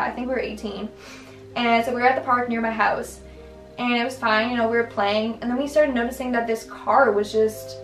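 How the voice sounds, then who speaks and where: A young woman vlogger tells her stories in a loose, rambling way, stuffing them with "like" and restarts. Her voice sits a little high. She sounds set back from the mic in an echoey room, with faint music underneath. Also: distant mic. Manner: chatty, filler-heavy, lots of "like" and restarts. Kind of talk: casual storytelling.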